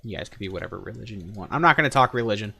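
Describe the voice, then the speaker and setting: A man's voice: on the low side, animated, racing, gravelly, sharp tone, slightly rough. A young man chatting casually on a gaming stream, rambling and joking with lots of fillers.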